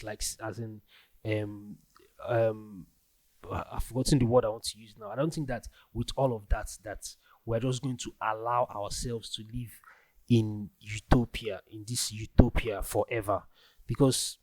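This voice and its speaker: A man's voice: mid-range voice, a little mellow, no echo. A young man with a Nigerian accent hosting a casual solo podcast, rambling through his thoughts with many restarts and filler words. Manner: rambling, loose, full of restarts and "like". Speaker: podcast host.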